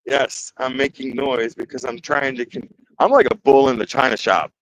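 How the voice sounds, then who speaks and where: This Detroit-area host speaks at medium pitch in a steady, slightly bright tone at normal speed, with no echo on a rough recording. During his casual woodworking livestream he's chatty and joking, reads the chat aloud and exclaims nervously as he works.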